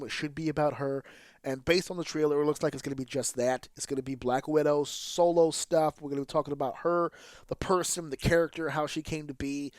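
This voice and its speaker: A man's voice: on the high side, no room sound, clean studio sound. A man hosting his own podcast, giving casual solo commentary in a candid, casually profane way with fillers and restarts. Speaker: podcast host.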